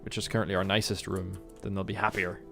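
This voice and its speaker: A man's voice: sits low, little pitch movement, fast, vocal fry, over music. A British man chatting casually with his live-stream viewers while playing a game, rambling and joking and humming to himself between remarks. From Britain.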